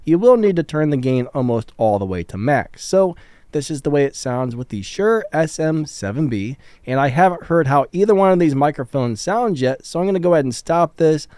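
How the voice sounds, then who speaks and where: A man gives a casual, upbeat, plain-spoken review of audio gear, speaking into studio condenser and dynamic mics. His fairly high, animated voice is a little mellow, at normal speed, with no room sound.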